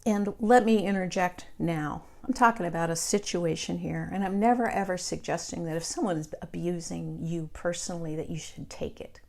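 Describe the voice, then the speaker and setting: A middle-aged woman, leading a meditation group in a calm, reflective and candid way. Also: lowish voice, normal speed, gravelly, few pauses. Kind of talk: meditation class talk.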